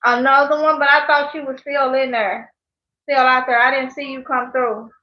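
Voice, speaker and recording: A woman's voice: sits high, level tone, moderate pace. A woman chatting casually on a live stream as a channel host. She laughs often and reads out viewer comments. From Mississippi. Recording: echoey, dull lo-fi sound.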